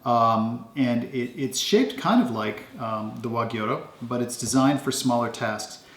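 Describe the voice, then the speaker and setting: A man casually showing off his kitchen knives at home, talking in a relaxed, rambling way with lots of ums. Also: medium pitch, unhurried, echoey room. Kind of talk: casual show-and-tell.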